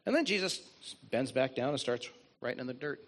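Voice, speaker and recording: A man's voice: medium pitch, expressive, a little fast, a bit bright. A man preaching a sermon as a pastor, retelling stories in an earnest way and leaning on repetition. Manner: earnest storytelling, leans on repetition.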